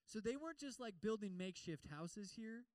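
A man's voice: sits high, animated, fairly quick, a little mellow, no echo, rough recording. A young man preaching a conversational sermon, acting out quoted voices of God and listeners. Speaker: campus ministry preacher.

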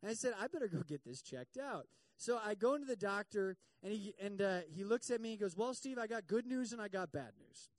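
A man's voice: high voice, fairly quick, hardly any pauses, dry recording. A man, a campus ministry pastor, telling a self-mocking story in a sermon and acting out the quotes.

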